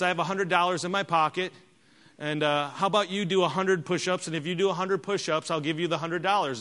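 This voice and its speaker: A middle-aged man preaching a sermon, talking straight to the congregation with rhetorical questions and swings from hushed to loud. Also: mid-range voice. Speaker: pastor.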